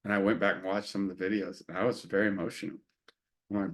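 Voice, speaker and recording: A man's voice: sits low, little pitch movement, fast talker. A middle-aged man co-hosting a casual talk show, speaking earnestly and confessionally, often acting out remembered conversations. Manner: earnest, confessional, acts out quoted exchanges. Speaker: co-host. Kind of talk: casual chat.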